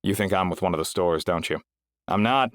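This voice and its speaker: A man voicing an eager, glib male market promoter pitching his services in an audiobook. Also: a little fast, a bit bright, dry recording. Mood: eager, salesy. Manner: eager, upbeat sales pitch. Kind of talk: audiobook character voice.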